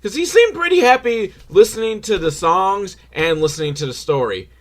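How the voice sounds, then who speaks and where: A man's voice: sits high, lively intonation, normal speed, fairly bright tone. A man in his forties giving a sarcastic, profane, rambling commentary on an old film. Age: 40s. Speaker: film reviewer.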